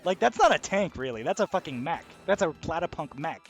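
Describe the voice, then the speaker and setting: A man giving casual, excitable video game commentary, swearing freely. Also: a little high, a little fast, faint music behind. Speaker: let's play host.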